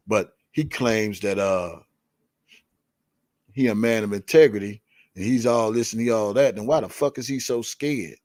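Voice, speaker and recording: A man's voice: lowish voice, no echo, clean studio sound. A man hosting a live show, ranting in blunt, profane, confrontational commentary and repeating key words for emphasis. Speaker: livestream show host. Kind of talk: heated commentary rant.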